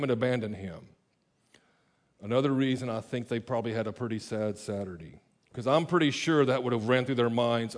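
Casual man preaching a sermon. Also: medium pitch. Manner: casual, explanatory, asides and self-corrections. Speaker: pastor. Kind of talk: conversational sermon.

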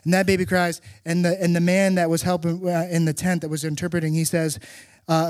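A man's voice: on the high side, a little fast, no room sound. Emphatic middle-aged male preacher, dry sound. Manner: animated storytelling with emphatic repetition. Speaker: pastor. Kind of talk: sermon.

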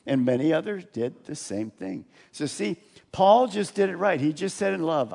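Male pastor, animated sermon delivery, lively swooping pitch, pitched a bit high. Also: moderate pace, vocal fry. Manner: animated, chuckling, acts out quotes.

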